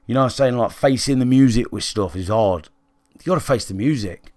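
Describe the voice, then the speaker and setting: A man's voice: medium pitch, fairly quick, a little mellow, dry recording. A British man speaking in a medium voice with a dry, close sound. He tells his story frankly and swears freely, talking casually to his live chat. He checks in often with listeners. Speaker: gaming livestreamer.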